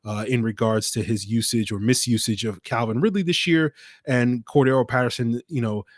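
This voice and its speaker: A man hosts a solo sports podcast at a middle pitch, recorded close on a podcast mic in a dead, dry space. He talks it through casually, with lots of "you know" and "um," and slips in dry sarcasm now and then. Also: moderate pace, dry recording. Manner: conversational, many fillers, dry sarcasm. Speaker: podcast host.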